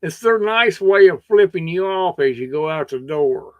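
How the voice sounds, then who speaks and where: A man with a Kentucky accent chats on a livestream, and his voice is fairly high and swings widely in pitch. His throat is a little scratchy and he drawls and meanders, often restarting his sentences. The sound is close and dry. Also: lively intonation, normal speed, no room sound, phone-quality sound. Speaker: livestream host. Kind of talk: rambling casual chat.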